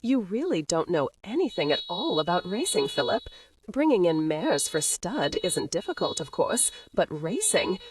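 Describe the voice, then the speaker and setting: A woman's voice: on the low side, very animated, moderate pace. A woman voicing a combative, opinionated lady in an audiobook. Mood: scolding. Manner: scolding.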